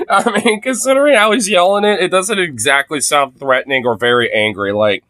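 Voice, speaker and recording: A man's voice: high-pitched, moderate pace, sharp tone, no echo. Profane, laughing man streaming reactions. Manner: profane, laughing, mocking impressions. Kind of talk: casual live-stream commentary.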